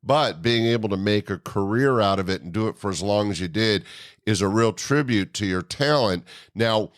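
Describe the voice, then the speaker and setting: A man hosting an interview, asking drawn-out, affirming questions. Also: on the low side, dry recording, studio quality. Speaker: podcast host.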